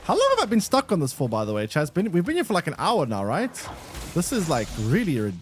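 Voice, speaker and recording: Lively rambling male game streamer. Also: a little high, fast, a little hiss or hum. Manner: rambling, thinks aloud with restarts. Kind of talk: live gameplay commentary to chat.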